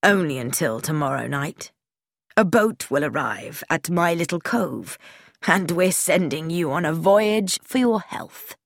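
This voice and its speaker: A woman's voice: low-pitched, lively intonation, measured pace, gravelly, full character voice. A woman voicing a cold, mocking middle-aged male commander who turns falsely genial, in an audiobook reading. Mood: menacing.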